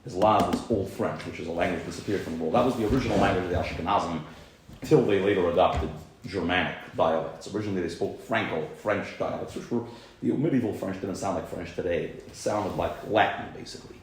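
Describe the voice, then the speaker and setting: A man's voice: deep voice, quick pace, heavy reverb, slight background noise, rough recording. A man teaching a small group around a table, explaining at length with many religious terms. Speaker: class teacher. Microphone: phone recording on the table.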